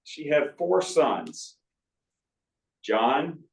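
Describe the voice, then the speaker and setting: A man's voice: a little high, sing-song, extremely slow, gravelly. Older man telling stories in a roomy hall. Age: 60s. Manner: folksy anecdotal storytelling with asides. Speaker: author at a book talk. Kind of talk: storytelling talk to an audience. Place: cultural arts center auditorium. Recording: roomy hall audio from a distance.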